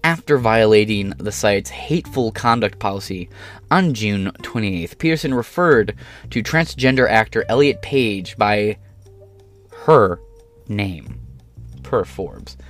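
A man's voice: fairly low pitch, takes it slowly, faint music behind. A man from Canada, hosting a podcast and ranting bluntly with lots of swearing. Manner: profane, blunt, heated. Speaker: podcast host. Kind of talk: ranting commentary.

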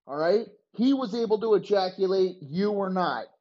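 A man playing a scheming middle-aged football coach who bossily lays out a plan, in a higher voice than his own. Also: lively intonation, moderate pace, dark tone, muffled recording. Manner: bossy, plotting, explaining a scheme.

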